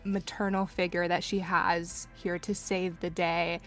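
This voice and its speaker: A woman player describing her character's actions in casual tabletop role-play, earnest and halting. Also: lowish voice, little pitch movement, fairly bright tone, faint music behind.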